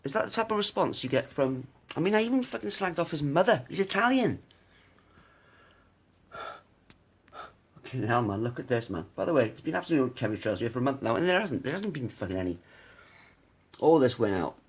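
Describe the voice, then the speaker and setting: Husky sweary man ranting. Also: mid-range voice, sing-song, fairly quick, long pauses. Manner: profane, rambling, sneering. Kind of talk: casual rant to camera.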